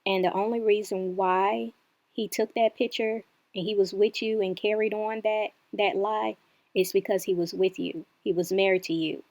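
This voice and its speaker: A woman's voice: mid-range voice, steady tone, normal speed, darkish tone. A woman with an ordinary mid-range voice delivers critical reaction commentary, indignant and lecturing. She stretches out key words for emphasis and scolds steadily. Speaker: reaction channel host.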